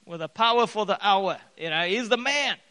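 A man preaching a sermon in an animated way, his voice echoing in a church hall. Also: high-pitched, moderate pace. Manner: animated preaching with bursts of loud acted quotes. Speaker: pastor. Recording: long hall reverb.

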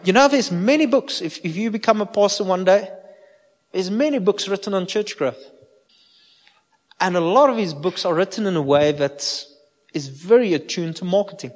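A man's voice: sits high, animated, normal speed. A man, a pastor giving an informal sermon and asking his listeners direct questions. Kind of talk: conversational sermon. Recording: long hall reverb.

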